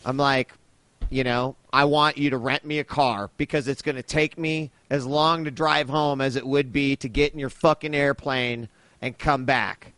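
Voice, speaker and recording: A man's voice: mid-range voice, steady tone, normal speed, a bit bright, dry recording. A man, telling a rambling, profane travel story on a casual podcast. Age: 30s.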